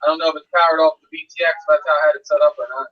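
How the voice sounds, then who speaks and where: A man's voice: fairly high pitch, flat delivery, very fast. A man in casual livestream chat, laid-back, explaining drone wiring with fillers. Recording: dull lo-fi sound.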